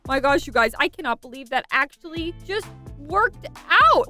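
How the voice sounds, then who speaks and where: A woman excitedly narrating her role-play game to viewers in a gushing way. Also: sits high, moderate pace, hardly any pauses, faint music behind. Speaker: gaming video creator.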